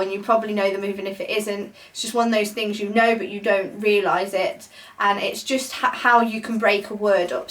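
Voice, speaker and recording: A woman's voice: medium pitch, fairly bright tone, recorded from a distance. A young adult woman leading a beginner poetry workshop, explaining patiently with many ums. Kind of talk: casual beginner lesson. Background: guinea pigs chewing.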